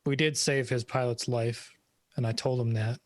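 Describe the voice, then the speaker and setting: A man's voice: medium pitch, fairly even intonation, normal speed, no room sound. Matter-of-fact male player, dry sound. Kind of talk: casual chat at a game table.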